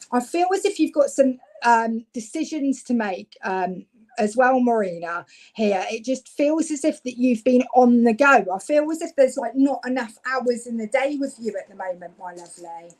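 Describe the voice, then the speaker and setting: A woman, from Devon, reads cards for viewers on a live stream. Her voice sits a little high, and her talk is chatty and friendly. She gets louder as she gets excited. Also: normal speed, low-quality recording. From Devon, England. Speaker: psychic medium giving live readings.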